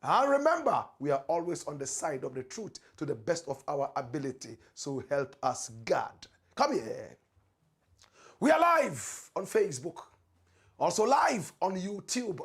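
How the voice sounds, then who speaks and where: A man's voice: fairly high pitch, sing-song, a little slow, fairly bright tone, slightly rough. A Ghanaian man hosting a political commentary show, talking in a preacherly, dramatic way with repeated catchphrases. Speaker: show host.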